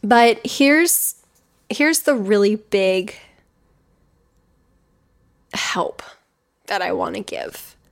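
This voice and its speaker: A woman hosting a podcast on healing, speaking in a candid, emphatic and blunt way, with occasional swearing. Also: mid-range voice. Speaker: podcast host, healing coach. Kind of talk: personal spoken monologue on healing.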